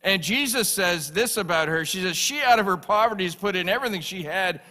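A man delivers a sermon with emphatic, repeated phrases. His voice is bright and forceful, pitched a little high for a man. He preaches as a pastor to his congregation. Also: animated, fairly quick.

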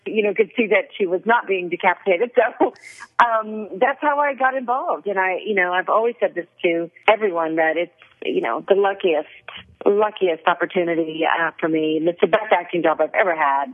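A woman guest talking through an interview, chatty and quick to laugh, often restarting her sentences. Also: lowish voice. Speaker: actress guest. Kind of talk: casual interview over a phone line. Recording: tinny phone line.

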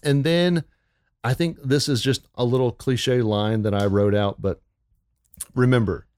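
A man on the church staff, co-hosting a casual faith podcast in an animated, upbeat way, with lots of fillers. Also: medium pitch, unhurried, clean tone, no echo, studio quality.

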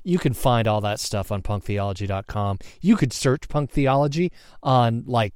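A man's voice: mid-range voice, moderate pace, a little mellow, clear, resonant tone, no room sound, clean studio sound. A man hosting a podcast in loose, casual chat, punchy and rambling, swearing freely and laughing at himself. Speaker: podcast host.

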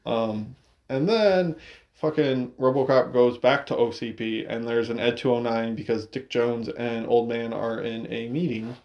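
A man casually retelling a film's plot with lots of swearing and quick acted-out quotes. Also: mid-range voice, steady tone, lo-fi sound. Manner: profane, laid-back retelling with acted-out quotes. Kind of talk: casual movie recap chat.

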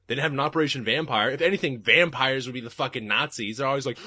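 A man's voice: mid-range voice, fast, sharp tone, husky, dry recording, studio quality. A man hosting a podcast and reading live chat, talking casually and profanely and laughing often.

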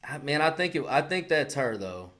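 A man, co-hosting a casual podcast chat, animated and profane, acting out other people's lines as he tells a story. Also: medium pitch, moderate pace. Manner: animated storyteller, heavy swearing, acts out quotes. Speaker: podcast co-host.

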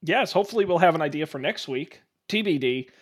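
A man's voice: fairly high pitch, lively intonation, quick pace, husky. A man co-hosting a podcast in casual chat, upbeat, with hesitant fillers. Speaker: podcast co-host.

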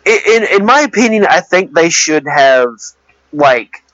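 A man with a somewhat high voice talks through a film in casual chat. He hesitates and restarts his sentences constantly. The recording is dry and dull, with a muffled lo-fi sound. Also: animated, a little slow, a bit bright, dry recording. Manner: rambling, hesitant, many restarts. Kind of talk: casual movie discussion.

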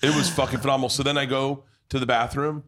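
Dude hosting a podcast at a pub, loud profane storyteller, just chatting. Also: male voice, medium pitch, steady tone, fast. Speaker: podcast host. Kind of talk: casual chat.

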